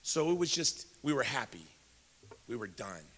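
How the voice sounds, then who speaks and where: A man's voice: medium pitch, very animated, normal speed, fairly bright tone, a little hiss or hum. A man in his fifties from Chicago giving a keynote speech, telling a personal story in a conversational way and speaking straight to the audience. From Chicago, USA. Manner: conversational, addresses the audience directly. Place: large event hall. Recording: echoey hall.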